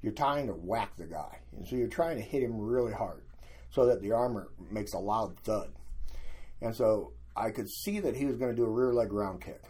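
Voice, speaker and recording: An older man, a guest, telling lively anecdotes in a casual storytelling way and acting out what other people said. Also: fairly low pitch, normal speed, breathy edge. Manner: animated anecdotes, acting out quoted voices.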